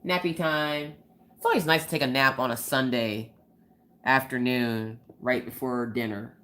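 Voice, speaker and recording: A woman's voice: very deep voice, fairly even intonation, unhurried, a bit bright. A young woman chatting casually on a live stream, giggling often and acting out quoted voices as she tells stories. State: recovering from a cold. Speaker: livestream host.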